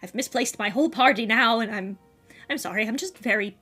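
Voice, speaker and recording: A woman voicing a nervous, scarred man with snake eyes who stammers softly and hesitantly. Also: fairly high pitch, a little fast, slightly rough, faint music behind. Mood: anxious. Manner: hesitant, stammering, soft and jittery.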